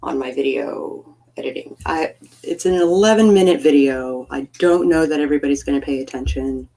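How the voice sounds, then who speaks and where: A woman's voice: very deep voice, normal speed, vocal fry, dark tone, low-quality recording. A woman hosting a live stream, chatting casually in a rambling, playful, self-deprecating way. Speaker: livestream host.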